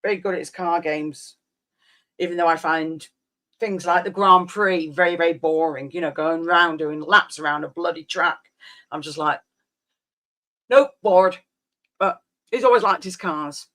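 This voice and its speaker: A woman's voice: low-pitched, steady tone, a little slow, bright, forceful tone. A woman in her fifties chats casually to her stream viewers. She rambles and reminisces in an easy, meandering way, and often trails off mid-thought. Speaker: live streamer chatting with viewers. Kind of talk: casual chat.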